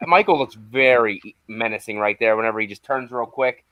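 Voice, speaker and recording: A man's voice: medium pitch, brisk, dry recording, lo-fi sound. Easygoing man in casual podcast chat. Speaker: podcast guest.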